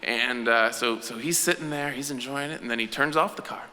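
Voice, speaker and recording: A man telling a true story live on stage in an animated way, acting out the other voices. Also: mid-range voice, brisk. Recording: echoey hall with faint noise.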